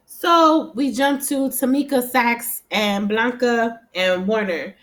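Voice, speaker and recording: A woman casually recapping a TV episode at home, chatty and animated, often laughing and swearing as she quotes the characters. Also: a little high, takes it slowly. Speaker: TV recap vlogger. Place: home room.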